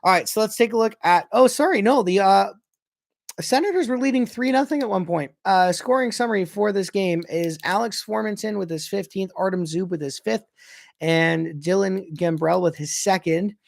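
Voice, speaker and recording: A young man gives casual, excitable play-by-play of a hockey game as a fan, often stopping to correct himself about who has the puck. His voice sits a little high with a gravelly edge. The sound is dry and close. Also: moderate pace, dry recording. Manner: excitable, self-correcting, unsure of player names. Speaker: fan commentator.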